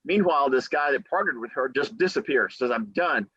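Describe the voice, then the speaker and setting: A man in the role of a real estate attorney, talking on a podcast and giving motivational advice. He tells stories with animation, acts out what people say, and repeats key phrases for emphasis. His voice is mid-pitched, dry and close, with slightly dull, lo-fi audio. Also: a little fast, breathy edge, no echo. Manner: animated storyteller who acts out quotes.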